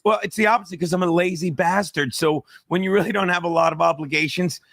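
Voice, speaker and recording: A man tells stories in loose, profane banter, often mocking himself. His voice sits a little high and rings bright. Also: fast, gravelly. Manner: profane, rambling and self-mocking. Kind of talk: crude comedic banter.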